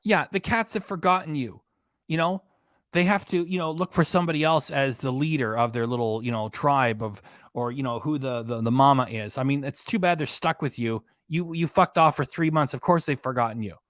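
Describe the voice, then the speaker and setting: A man's voice: medium pitch, fairly quick, a bit bright, no room sound, studio quality. A man hosting a reaction channel, talking over a livestream with mocking, profane, scornful commentary.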